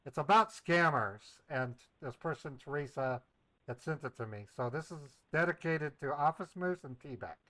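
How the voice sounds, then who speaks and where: A man's voice: a little high, normal speed, no echo, poor audio. A man hosting a live scambaiting stream, chatting casually with viewers and playing along eagerly with a scammer on the phone. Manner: playful, chatty, feigns eager excitement to the scammer. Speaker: scambaiting livestream host. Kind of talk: casual livestream chat.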